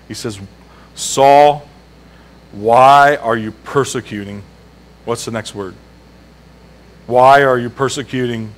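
A man's voice: a little high, fairly bright tone, poor audio. A male pastor preaching a sermon in a church, emphatic and repeating key phrases, asking the congregation questions. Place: church sanctuary.

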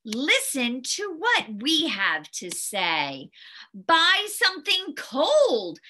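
A woman voicing kind, excited young children in a storybook, high and squealing. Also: extremely slow, a little hiss or hum, heavily acted. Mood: urgent.

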